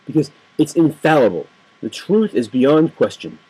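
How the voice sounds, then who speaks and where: This political vlogger's voice is fairly high and sing-song, dark in tone with a breathy edge, moving at a moderate pace. Recorded roughly on a home webcam, he launches into an impassioned, indignant rant to camera and keeps repeating phrases for emphasis.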